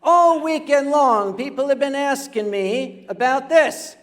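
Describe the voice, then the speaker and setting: A man's voice: very high-pitched, measured pace, a bit bright. An older man telling a comic story live on a convention stage. He stammers and chats with the audience as he goes.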